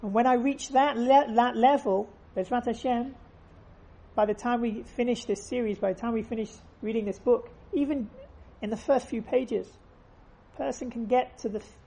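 A woman's voice: on the high side, steady tone, moderate pace, creaky, dark tone, husky. A woman giving an earnest faith lesson, telling stories and repeating phrases for emphasis. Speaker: religious teacher.

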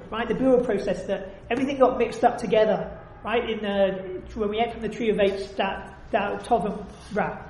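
A woman leads a religious study discussion in a slightly high voice. She speaks emphatically, often slipping into dramatic acted-out prayers. The room adds a clear echo. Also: darkish tone, slight background noise. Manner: emphatic, acts out heartfelt prayers. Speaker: religious teacher. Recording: echoey room.

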